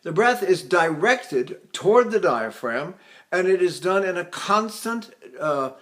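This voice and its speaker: An older man, a voice teacher, explaining singing technique with halting restarts and sung demonstrations. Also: high-pitched, expressive, fairly bright tone.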